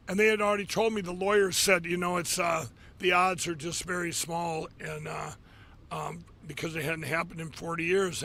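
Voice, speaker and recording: A middle-aged man hosting a live show from his office, rambling casually with many fillers and restarts, getting excited as he talks. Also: high-pitched, vocal fry. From Minnesota. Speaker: show host. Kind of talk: casual live monologue with ad pitches.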